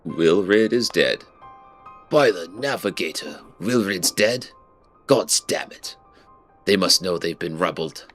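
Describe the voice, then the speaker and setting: A man putting on a gruff pirate captain. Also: very deep voice, steady tone, moderate pace, a bit bright, soft background music. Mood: grim. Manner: rough, clipped pirate-style dialect. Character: gruff female sea captain with a pirate brogue. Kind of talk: reading game dialogue aloud.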